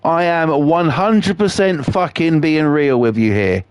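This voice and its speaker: A man's voice: on the high side, a little slow, smooth, no room sound. A man, chatting on a live game stream in a sweary, rambling, jokey way. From England. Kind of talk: casual chat on a live stream.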